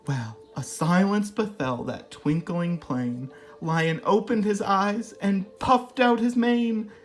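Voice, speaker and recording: A woman reads a children's picture book aloud at a slow, unhurried pace, gentle and expressive as a storytime host. Faint music plays softly behind her. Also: medium pitch.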